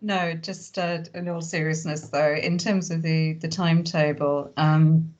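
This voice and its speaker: A woman's voice: sits low, little pitch movement, a little slow, darkish tone. A woman chairing a formal planning inquiry over a video call, polite and hesitant with dry humour. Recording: dull lo-fi video call audio.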